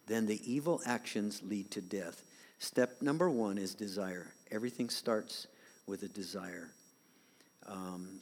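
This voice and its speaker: A man's voice: lowish voice, slightly rough. Older man preaching, long church reverb. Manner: swings from loud emphatic preaching to soft whispered asides. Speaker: pastor. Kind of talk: sermon.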